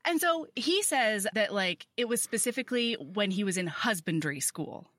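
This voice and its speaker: A woman's voice: medium pitch, normal speed, no echo. A woman co-hosting a podcast, casually retelling a book's plot. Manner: relaxed storyteller, retells the plot with frequent likes. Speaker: podcast co-host. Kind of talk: casual book recap chat.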